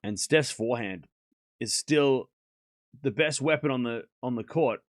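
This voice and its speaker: A man's voice: medium pitch, unhurried, no room sound, clean studio sound. A man on a live stream, calling tennis points and chatting and teasing with his chat. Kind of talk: casual live-stream commentary.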